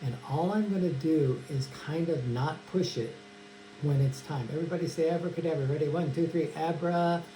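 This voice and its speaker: A man's voice: a little high, a little fast, dark tone. Chatty man teaching magic, echoey hum. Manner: chatty, addresses an imagined kid audience. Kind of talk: casual tutorial demonstration. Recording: echoey room with mains hum.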